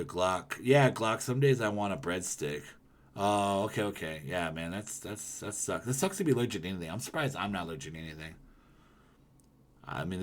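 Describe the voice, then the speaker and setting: Man, livestreamer, casual chat with viewers, slightly low voice, rambling, swearing, loud ranting bursts. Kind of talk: casual stream chat, reading comments.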